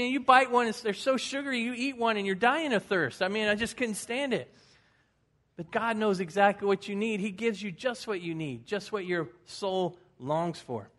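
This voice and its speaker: Folksy high-voiced pastor preaching. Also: male voice, a bit bright. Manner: folksy, conversational, anecdotal. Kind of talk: sermon.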